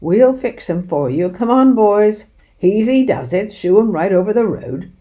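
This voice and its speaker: A woman's voice: mid-range voice, animated, measured pace, dark tone, pitched above the performer's own voice, lightly acted. A woman reading aloud, voicing a jovial, crafty country police sergeant with folksy, mock-polite speech. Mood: hearty.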